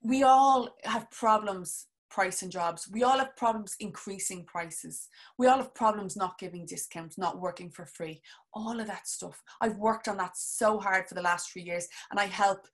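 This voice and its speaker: A chatty woman speaks to her viewers on a live stream as a business coach. She talks in a casual, animated way, rambling, restarting her sentences and laughing often. Her voice sits at an ordinary middle pitch for a woman. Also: normal speed.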